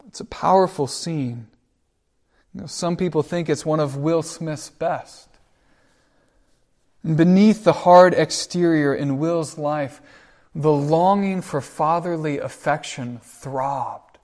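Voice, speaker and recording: Male pastor, sermon, earnest storyteller, slightly higher pitch. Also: a little mellow. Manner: earnest storytelling, slows on key phrases.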